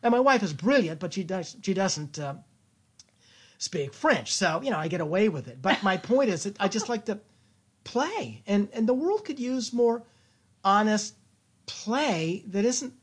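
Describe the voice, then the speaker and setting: A man talking as a guest in a casual interview, playful and lively, with many restarts. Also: sits high, a little slow, husky. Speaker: guest, creative thinking consultant.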